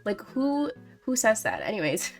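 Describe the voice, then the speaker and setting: A woman's voice: medium pitch, wildly swooping pitch, normal speed, faint music behind. A young woman hosting a gaming video, chatting casually and playfully, full of "like" and "um" as she rambles. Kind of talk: casual gameplay commentary.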